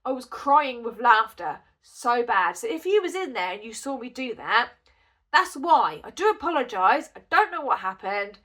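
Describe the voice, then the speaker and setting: A woman with a bright, clear, slightly high voice tells a long story in a chatty, giggly, rambling way, vlog style. She has a cold and a cough that break into her talk now and then. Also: big pitch swings, moderate pace. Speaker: crochet vlogger.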